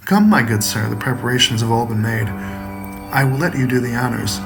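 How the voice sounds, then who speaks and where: A man voicing a small, sinister creature servant who speaks calmly, politely and coaxingly in a storybook reading. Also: medium pitch, fairly quick, gravelly, music in the background, close to an everyday voice. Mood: courteous. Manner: calm, courteous, coaxing.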